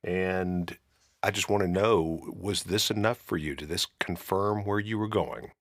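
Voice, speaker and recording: A man's voice: low-pitched, unhurried, fairly bright tone, dry recording, clean studio sound. A man hosting a podcast, asking playful, teasing questions and recapping the story. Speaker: podcast host. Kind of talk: interview host, casual chat.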